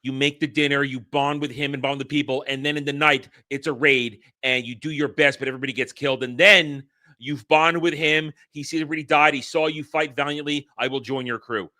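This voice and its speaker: A man co-hosting a casual podcast chat, talking in an animated, exasperated way with many restarts. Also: on the high side, brisk. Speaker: podcast co-host.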